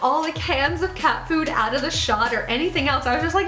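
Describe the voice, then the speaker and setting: A woman's voice: sits high, a little fast, bright, forceful tone. A woman in her twenties chatting casually in a reaction vlog, mocking herself and swearing freely. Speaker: YouTuber. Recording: roomy echo, faint music.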